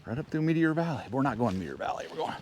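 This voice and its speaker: A medium-pitched man races through his words while vlogging on a snowy woodland hike, handheld camera in hand. He's a bit winded, keen and chatty, and his talk meanders. A faint hiss or hum comes through.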